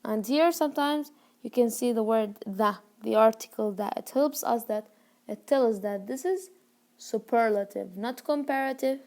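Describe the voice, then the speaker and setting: A woman teaching a grammar lesson, repeating key words slowly and checking that learners follow. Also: a little high, a little mellow. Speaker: English teacher.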